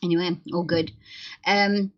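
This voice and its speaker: A woman hosts a livestream, chatting casually with viewers, joking and laughing often. Her voice is lowish with a flat, unhurried delivery, and the stream audio sounds dull and lo-fi.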